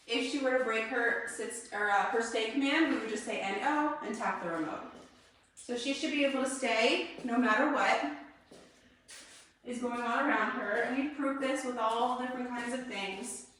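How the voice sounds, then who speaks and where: A woman dog trainer gives an indoor training demo, calmly explaining drills and then issuing short, crisp commands to a dog. Her voice sits on the high side. The room is very echoey, she is far from the mic, and there is slight background noise.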